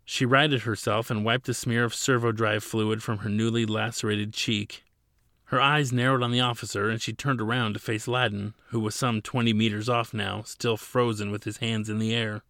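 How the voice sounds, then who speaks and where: A man narrating an audiobook with dramatic storytelling. His lowish voice has a gravelly, bright edge. It is recorded close and dry. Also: little pitch movement, moderate pace, dry recording. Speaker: narrator and author.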